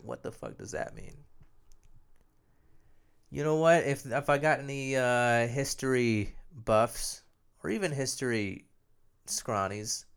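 A young man with a somewhat low voice talks alone into his podcast mic, sounding nasal and phlegmy from a sore throat. He rambles in a loose, self-mocking way and swears freely. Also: fairly bright tone, smooth. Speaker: podcast host. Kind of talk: rambling solo podcast chat.

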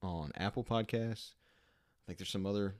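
A man's voice: lowish voice, normal speed, a little mellow. A man co-hosting a podcast in casual, profane, joking chat. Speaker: podcast co-host.

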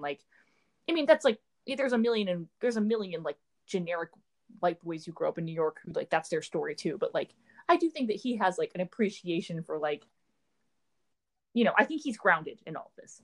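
Rambling young woman, "like" every few words. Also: fairly low pitch. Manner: rambling, filler-heavy, says "like" constantly. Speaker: podcast co-host. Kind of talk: casual chat.

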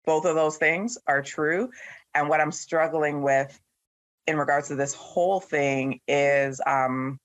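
A man's voice: fairly high pitch, takes it slowly, dry recording. Opinionated sarcastic man, dry close sound. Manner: opinionated, sarcastic, animated storytelling. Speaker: podcast host. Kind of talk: casual chat among friends.

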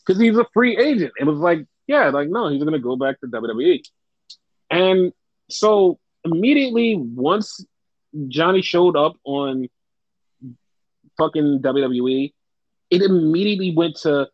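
Animated swearing man on a dull dry mic. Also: fairly high pitch, unhurried, pauses often, dry recording. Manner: animated, swears often, quotes fans in exaggerated voices. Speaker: podcast co-host. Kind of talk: casual wrestling podcast chat.

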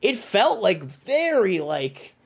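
A man co-hosting a podcast, talking in a rambling, animated way with plenty of fillers and restarts. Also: high-pitched, slow pace, creaky, slightly rough. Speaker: podcast co-host. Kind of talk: casual chat.

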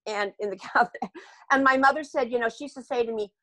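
A woman's voice: fairly high pitch, quick pace, bright, forceful tone, no room sound, low-quality recording. An older woman talking earnestly as a podcast guest, rambling and restarting her sentences as she speaks. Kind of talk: candid podcast conversation.

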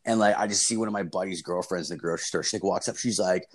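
A man's voice: low-pitched, fast, hardly any pauses. A young man co-hosting a casual podcast chat, rambling through stories and swearing constantly. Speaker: podcast co-host.

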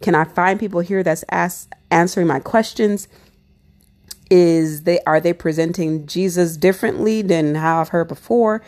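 A woman in her twenties sharing a personal faith testimony, animated and acting out her past thoughts with lots of "like" and "you know". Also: fairly low pitch, moderate pace.

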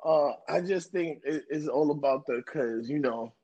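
Husky-voiced laid-back man. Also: a little high, moderate pace, warm tone, low-quality recording. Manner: laid-back, advice-giving, many fillers. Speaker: podcast co-host. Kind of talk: casual chat.

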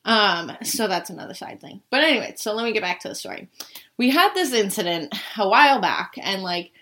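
With a bright, forceful, sing-song mid-range voice, a young Boston-area woman recounts something from her own life a little fast. Her chatty style is packed with "like," plus occasional swearing.

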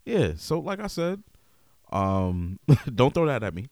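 A man hosting a podcast, talking openly in a relaxed way full of "yo" and "you know what I mean". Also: mid-range voice, slow, no echo. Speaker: podcast host. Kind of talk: casual podcast chat.

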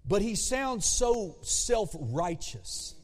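A man preaching a sermon as a pastor, animated, swinging between loud emphasis and hushed asides. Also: high voice, extremely slow. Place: church sanctuary. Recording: long hall reverb.

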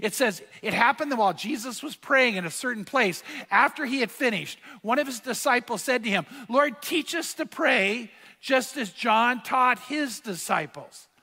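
A man's voice: very high-pitched, normal speed, breathy edge. A middle-aged man preaching a sermon as pastor, telling stories in a casual, conversational way. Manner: storytelling with acted dialogue, conversational and lively. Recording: reverberant church hall.

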